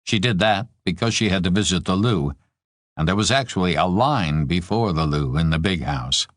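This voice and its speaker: Deep-voiced male audiobook narrator. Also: no echo, studio quality. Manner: measured storytelling, expressive phrasing. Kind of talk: scripted narration.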